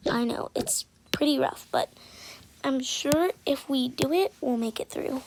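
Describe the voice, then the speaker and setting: A female performer voicing a stern, weary mother in a toy-game role-play, speaking softly and half-whispered. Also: sits high, measured pace, gravelly. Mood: soothing. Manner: soft, half-whispered, calm scolding. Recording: noisy home recording.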